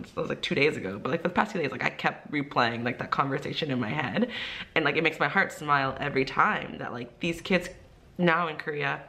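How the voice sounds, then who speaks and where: A young woman tells a vlog story in a lower voice that swings widely up and down. She acts out quotes from her students and fills her talk with "like". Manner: animated storyteller, many "like" fillers, acts out quotes. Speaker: ESL teacher and vlogger.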